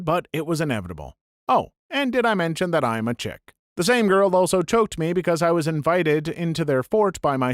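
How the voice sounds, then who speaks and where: A man's voice: fairly high pitch, dry recording, clean studio sound. A man reading online stories aloud and adding wry, joking asides between them. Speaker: narrator.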